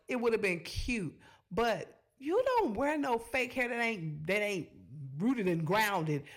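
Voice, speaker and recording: A woman hosting a reaction video, giving sassy, animated commentary straight to her viewers. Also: mid-range voice, creaky.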